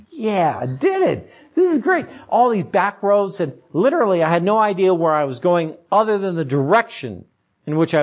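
A male pastor giving a sermon in a conversational, storytelling way, with self-deprecating humor. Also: on the high side.

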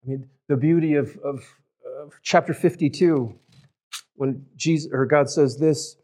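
A man preaching a sermon, telling stories and shifting from loud emphatic lines to near-whispered ones. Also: on the high side, measured pace. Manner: storytelling with big swings from loud to hushed. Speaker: pastor.

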